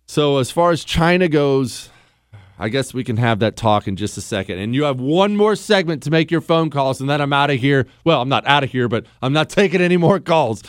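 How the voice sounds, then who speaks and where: A man's voice: mid-range voice, animated, fairly quick, clean tone, no room sound, studio quality. A man hosting a talk radio show, blunt and emphatic, repeating his lines for punch. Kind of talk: opinionated talk radio monologue.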